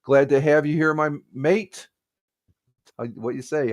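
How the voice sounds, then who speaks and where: A man hosting a casual morning live stream, rambling with many fillers and restarts as he gives friendly shout-outs to viewers. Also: on the high side, unhurried, no echo, clean studio sound.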